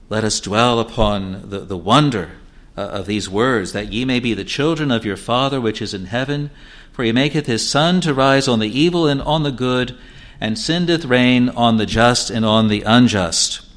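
Emphatic preacher. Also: male voice, mid-range voice, fairly bright tone. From New Zealand. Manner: measured, emphatic, repeats words and phrases. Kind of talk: sermon.

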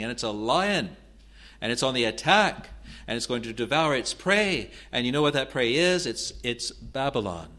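In a pushed, bright voice of medium pitch, a man haltingly teaches Bible verses, frequently starting over and repeating words, and reads scripture aloud with rising intensity.

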